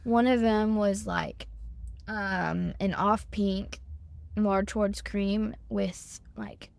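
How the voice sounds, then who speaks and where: Texan teen girl rambling through a story, lots of likes, medium pitch. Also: steady tone, very slow, gravelly, a little mellow, no echo. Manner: chatty, many "like" fillers, acts out quotes. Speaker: guest, store employee. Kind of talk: casual storytelling.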